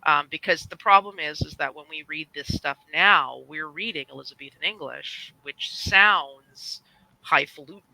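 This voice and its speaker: A man's voice: fairly high pitch, normal speed, gravelly, pushed and bright, dry recording, poor audio. A man chatting casually on a discussion panel, rambling with digressions and frequent restarts. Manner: rambling, digressive, self-interrupting.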